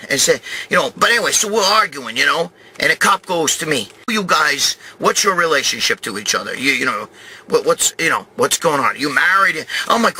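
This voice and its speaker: A man in his sixties telling a profane comic story about a traffic stop, acting out the other people with animated voices. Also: a little high, brisk. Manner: animated, swearing, acts out quoted voices. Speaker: host. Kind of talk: profane comedic storytelling rant.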